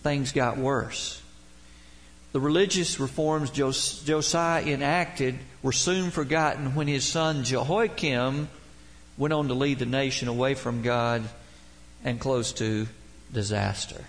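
A man's voice: mid-range voice, takes it slowly. A man preaching a sermon as pastor, with dramatic swells and drops and emphatic quotations.

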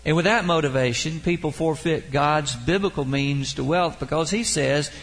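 A man delivering a sermon with an earnest preaching manner. His voice sits a little higher than most men's. He reads scripture aloud and stretches out the words he wants to stress. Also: moderate pace, low-quality recording. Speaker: pastor.

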